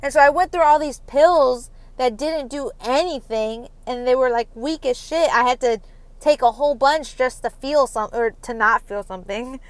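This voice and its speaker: A woman's voice: high-pitched, moderate pace, no echo. Rambling young woman, nervous laughter. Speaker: podcast host. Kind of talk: casual solo podcast confession.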